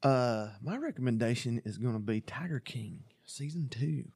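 A man co-hosting a podcast in casual chat, excitable and profane, laughing often. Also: medium pitch, normal speed, slightly rough, dry recording, clean studio sound. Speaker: podcast co-host.

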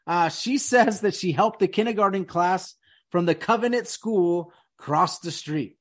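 High-voiced man hosting a podcast. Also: unhurried. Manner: emphatic, repeats words and restarts often. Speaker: podcast host. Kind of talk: casual podcast chat.

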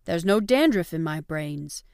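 A woman's voice: low-pitched, expressive, measured pace, darkish tone, smooth, no echo, clean studio sound. A woman voicing a big easygoing male press agent who jokes sheepishly. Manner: sheepish, joking.

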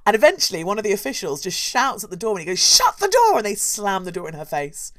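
A woman's voice: mid-range voice, expressive, fast. A woman tells a history story in a casual podcast chat. Her voice rises and falls a lot, and she acts out the quotes with gusto. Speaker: podcast co-host.

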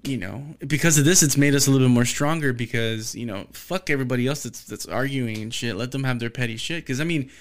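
Smooth-voiced man telling a profane story. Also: mid-range voice, fast, hardly any pauses. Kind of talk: casual podcast chat.

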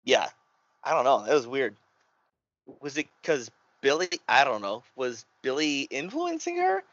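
Animated, swearing man in a dry, muffled recording. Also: medium pitch, a little slow, no room sound. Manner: animated, swearing, laughing reactions. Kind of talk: casual movie discussion. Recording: dry, slightly muffled lo-fi audio.

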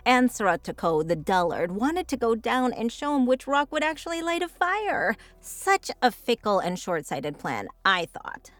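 A woman's voice: a little high, very animated, moderate pace, few pauses, a bit bright, no room sound. A woman voicing a vain, sardonic sun goddess in an audio drama, with a mocking, theatrical delivery.

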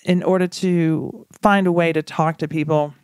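A woman from the American South, a guest telling stories in a casual, animated interview chat. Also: sits low, clean tone, no echo, studio quality. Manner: animated storytelling, fast and lively.

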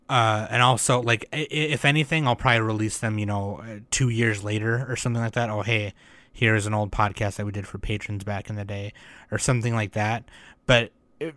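Casting: male podcast host, casual, low voice, dry close sound, emotional and halting. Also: fairly bright tone, no room sound. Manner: emotional, sensitive, many fillers and restarts.

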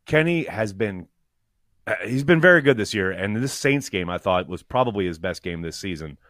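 A man co-hosting a podcast in casual sports chat, animated and swearing, with quick restarts. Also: on the low side, dry recording, studio quality. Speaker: podcast co-host.

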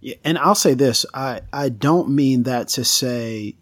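A man co-hosting a podcast, talking about theology in a direct, candid and animated way. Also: mid-range voice, a little slow, no room sound. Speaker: podcast co-host. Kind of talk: theological discussion.

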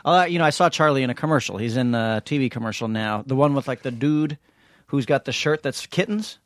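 A man's voice: mid-range voice, expressive, brisk, dry recording. A man co-hosting a podcast with laid-back joking asides. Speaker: podcast co-host. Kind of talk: casual podcast chat.

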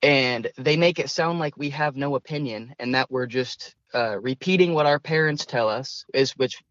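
A young man is a guest in an interview, speaking earnestly and a bit hesitantly, with frequent restarts. His pitch is in the middle range for a man, and the recording sounds slightly dull and lo-fi, dry with no room echo. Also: normal speed, fairly bright tone. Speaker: student guest. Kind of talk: conversational interview.

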